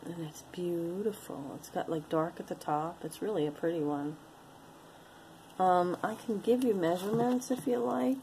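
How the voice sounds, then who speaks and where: A woman's voice: on the low side, steady tone, moderate pace, dark tone, slight background noise, poor audio. A woman chatting casually to viewers as she shows and sells jewelry, rambling and talking to herself between items. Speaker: online jewelry seller. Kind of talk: casual sales chat to viewers.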